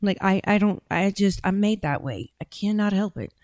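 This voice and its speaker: A woman's voice: medium pitch, animated, normal speed, a little mellow, no room sound. A woman hosting a casual political commentary podcast, talking bluntly and rambling, with frequent restarts. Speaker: podcast host and political candidate.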